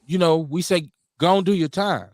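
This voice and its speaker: A man with a Milwaukee accent hosting a casual radio talk show, animated and profane, often acting out quotes in mock voices. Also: fairly high pitch, moderate pace, dry recording, clean studio sound. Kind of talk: casual call-in radio chat.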